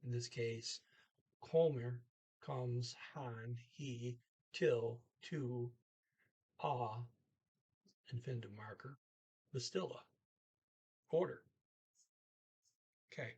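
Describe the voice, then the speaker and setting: A man with a husky, slightly breathy voice gives a self-recorded language lesson. He talks slowly and haltingly, sounding out foreign words with care. Each word is followed by a plain translation, with pauses while he thinks aloud. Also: medium pitch, darkish tone. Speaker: language tutor.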